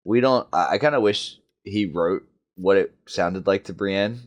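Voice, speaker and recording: A man's voice: low voice, measured pace. A man on a book podcast, talking hesitantly and restarting his sentences as he reacts to a chapter. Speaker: podcast co-host, first-time reader. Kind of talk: casual book discussion.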